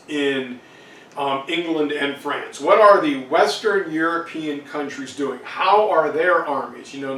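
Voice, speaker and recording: A man's voice: a little high, fairly bright tone. A man teaching an exam review lecture in a casual, digressive way with many fillers. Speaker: history teacher. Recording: roomy, distant mic, faint noise.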